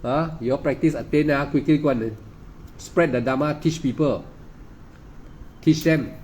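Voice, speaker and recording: A man's voice: a little high, measured pace, a little mellow, a little hiss or hum. A man giving an informal dharma talk as a meditation teacher. He fires off rhetorical questions, keeps checking with "right? not?", chuckles often and acts out what other people say.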